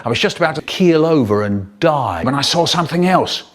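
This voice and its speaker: Animated man telling stories. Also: on the high side, fairly quick. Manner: animated, theatrical. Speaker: children's storyteller. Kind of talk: chopped-up comic storytelling.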